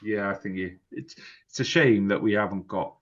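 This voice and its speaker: Rambling man with a low voice. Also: normal speed. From Wales. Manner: chatty, rambling, with many restarts and fillers. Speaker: podcast host. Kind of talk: casual chat. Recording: dull lo-fi sound.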